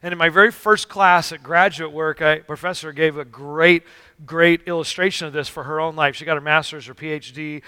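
A man's voice: fairly high pitch, steady tone, fairly quick, bright, forceful tone, clean tone, no echo. A man preaching a sermon as pastor, telling stories with acted-out dialogue in an earnest, emphatic way. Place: church sanctuary.

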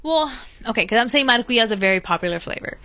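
A woman's voice: fairly high pitch, lively intonation, clean tone, no echo. A woman from Colombia co-hosting a podcast, chatting casually with lots of fillers. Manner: quick, bright, chatty with fillers. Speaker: podcast co-host. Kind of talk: casual chat.

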